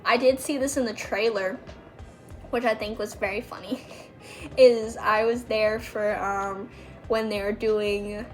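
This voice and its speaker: A woman's voice: medium pitch, fairly even intonation, a little slow, faint music behind. A young woman telling stories about working as a background extra, casual and chatty, full of fillers and quoted voices. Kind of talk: casual storytelling.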